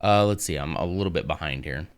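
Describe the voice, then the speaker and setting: Speaking fast and smoothly in a low voice, an American streamer keeps things loose and conversational. He wanders between reading text aloud and responding to his live chat in a relaxed, rambling way.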